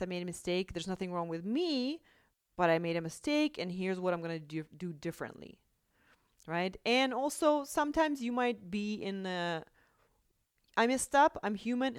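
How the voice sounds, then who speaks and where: A young adult woman talks earnestly to other parents in a relaxed, coaching way and keeps asking them questions. Her voice sits at an ordinary pitch. It is recorded dry and close, with no room sound. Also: dry recording. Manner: earnest, conversational, asks rhetorical questions. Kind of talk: casual self-help talk.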